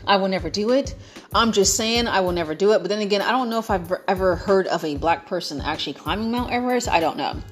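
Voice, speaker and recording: A woman's voice: medium pitch, animated, quick pace, soft background music. Chatty American woman vlogger. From United States. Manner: chatty, emphatic, playful repetition. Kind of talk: casual chat to viewers.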